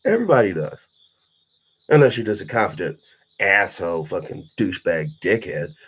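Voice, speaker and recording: A man's voice: low-pitched, very animated, moderate pace, a bit bright, husky. A man giving a blunt, profane, preachy late-night monologue to his live chat in street talk. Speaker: livestreaming vlogger.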